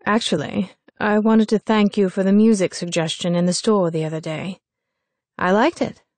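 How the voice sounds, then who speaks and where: A young man in a spoken novel, polite and easygoing, with a hint of amusement in his calm, dry-sounding voice, which a woman reads in. He talks softly and without hurry. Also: mid-range voice, normal speed, no echo, lightly acted. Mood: polite, amused. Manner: polite, relaxed, lightly amused.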